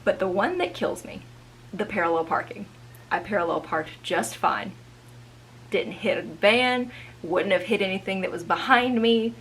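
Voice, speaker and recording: A woman of about thirty telling a personal story in a chatty, animated vlog monologue with frequent asides. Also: mid-range voice, moderate pace, a little hiss or hum, rough recording. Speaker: vlogger. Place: indoors at home.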